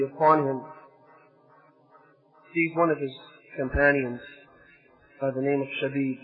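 A man preaching a religious sermon, building to impassioned rhetorical questions and then dropping soft and low. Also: steady tone, a little slow, pauses often, phone-quality sound.

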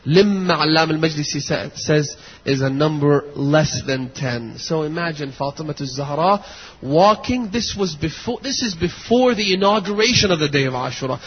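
A man preaching a sermon, telling a story with rising passion and crying shouts. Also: fairly high pitch, slightly rough. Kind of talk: impassioned religious sermon. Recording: dull lo-fi recording.

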